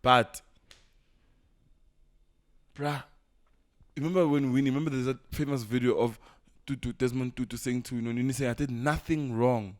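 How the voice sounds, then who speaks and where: A man's voice: mid-range voice, moderate pace, pauses often. Fired-up South African guy on a podcast. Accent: South African English. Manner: animated, swears a lot, acts out quoted voices. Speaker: podcast co-host. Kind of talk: heated casual podcast chat. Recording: muffled sound from a camera's built-in mic.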